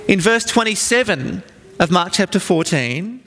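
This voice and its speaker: A man preaching a sermon in an earnest storytelling manner with dramatic pauses. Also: high-pitched, big pitch swings, fairly bright tone. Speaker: pastor. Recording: long reverb from a large hall.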